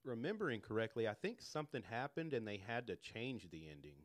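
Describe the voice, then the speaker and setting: A man's voice: medium pitch, big pitch swings, fairly quick, echoey room. A man co-hosting a podcast, chatting casually in a laid-back way and trailing off mid-thought. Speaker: podcast co-host. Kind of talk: casual chat.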